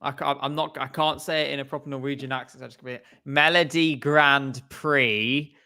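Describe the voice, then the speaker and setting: A man's voice: medium pitch, steady tone, a little fast, sharp tone, clean tone. A man co-hosting a casual podcast chat over a video call, rambling and hesitant with many fillers. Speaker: co-host.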